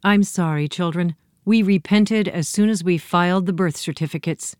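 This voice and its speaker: A woman's voice: lowish voice, moderate pace, darkish tone, clear, resonant tone, no room sound, studio quality, lightly acted. A woman voicing a dignified, polite male pig with a formal, ceremonious manner in a storybook.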